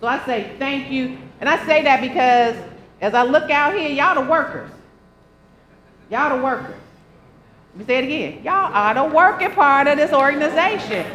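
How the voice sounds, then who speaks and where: A woman's voice: sits high, lively intonation, a little fast, low-quality recording. A woman serving as alderwoman, reading out acknowledgements at a council meeting in an emotional, heartfelt way. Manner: warm, emotional, calls out names. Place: large council chamber with a crowd. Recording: faint crowd and noise.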